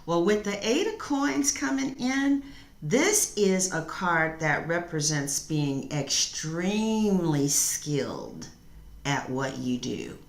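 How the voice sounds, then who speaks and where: An outspoken middle-aged woman reads tarot to her live chat, sassy and blunt. She talks slowly and her voice lifts and falls a lot, with a bright edge to it. The room around her has a noticeable echo. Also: low voice, very animated, creaky. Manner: sassy, outspoken, talks back to chat with loud laughing asides. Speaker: tarot reader. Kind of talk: live-stream chat reading viewer comments.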